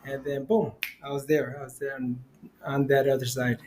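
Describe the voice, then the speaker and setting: A man's voice: level tone, normal speed, noisy background. A middle-aged man, a spiritual healer, telling his story in a casual, rambling way, full of "you know" fillers. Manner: acts out quoted voices with big pitch jumps. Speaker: interview guest, spiritual healer.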